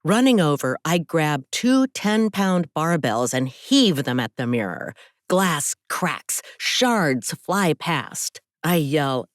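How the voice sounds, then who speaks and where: A woman's voice: low-pitched, lively intonation, unhurried, dry recording, clean studio sound. A woman author narrating her own thriller audiobook in an emotional first-person voice.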